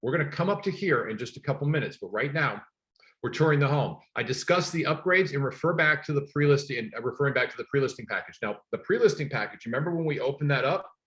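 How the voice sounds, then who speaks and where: Energetic man coaching real estate agents. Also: mid-range voice, fast, muffled recording. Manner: energetic, emphatic coaching with personal stories. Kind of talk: training class for agents.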